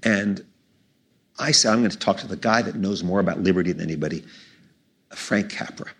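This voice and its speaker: A man, a magician telling animated stories onstage with frequent restarts and laughs. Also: deep voice, brisk, husky. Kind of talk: storytelling conversation. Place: stage before a live audience.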